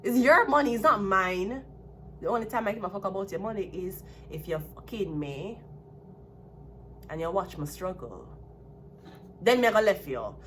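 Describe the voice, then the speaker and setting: A woman's voice: mid-range voice, lively intonation, moderate pace, long pauses, a bit bright, slight background noise. A woman with a Jamaican accent giving a solo tarot reading, talking bluntly and with plenty of profanity. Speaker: tarot card reader.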